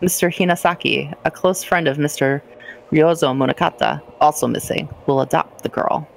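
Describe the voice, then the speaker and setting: A woman with a creaky, gravelly edge to her voice, reading game text aloud on a casual stream and breaking off into chatty asides. A faint hiss sits behind her. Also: sits low, moderate pace, poor audio. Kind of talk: casual gaming chat.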